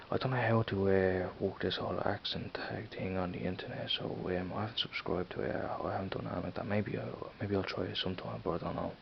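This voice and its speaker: A man's voice: sits low, gravelly. A man with a Dublin accent, talking to camera in a rambling, hesitant way with lots of fillers and restarts. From Ireland. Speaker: vlogger. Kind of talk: casual rambling vlog. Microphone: camera mic. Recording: dull lo-fi camera audio with faint hiss.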